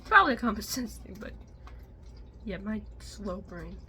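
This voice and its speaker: A young woman ranting casually in a home vlog, swearing and frustrated, jumping between loud outbursts and low muttering. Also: big pitch swings, normal speed, background noise. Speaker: vlogger.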